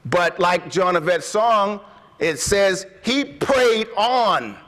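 High-voiced preacher, impassioned. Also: male voice, expressive, long reverb tail. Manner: impassioned, slows and drops to a hush when reading scripture. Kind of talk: sermon.

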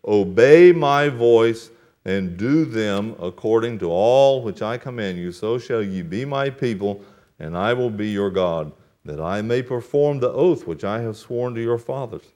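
A man preaching a sermon to a congregation, reading Bible verses in a solemn old-fashioned cadence and explaining them, rising to loud emphatic peaks and dropping to quiet, low asides. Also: expressive, moderate pace. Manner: reads scripture in solemn King James cadence. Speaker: pastor.

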